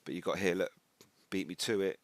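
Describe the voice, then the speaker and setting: A British man talks in a deep, low register, rambling conversationally as he reads comments aloud and breaks into emphatic bursts. The sound is dry and close, with no room echo. He moves from casual commentary into scripture teaching. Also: fairly even intonation, a little fast. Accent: British English. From United Kingdom. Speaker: religious commentator. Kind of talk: casual commentary reading social media posts.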